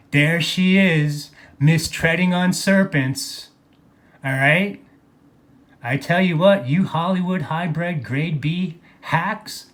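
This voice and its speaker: Man, angry vlog monologue, profane, mocking, unhurried delivery. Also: on the high side. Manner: repeats phrases for emphasis. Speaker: video blogger.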